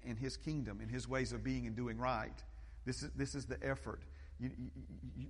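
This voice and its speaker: A man's voice: medium pitch, slightly rough. A man preaching a sermon, emphatic and repetitive, rising to fervent peaks. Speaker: pastor. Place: church sanctuary. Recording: long church reverb.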